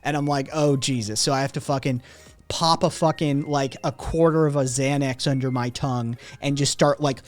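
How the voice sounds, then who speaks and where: A man's voice: medium pitch, fairly even intonation, moderate pace. A man hosting a livestream, telling a rambling, profane story to his chat with lots of "right?" asides. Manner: rambling, heavy swearing, frequent "right?" asides. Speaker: livestream host.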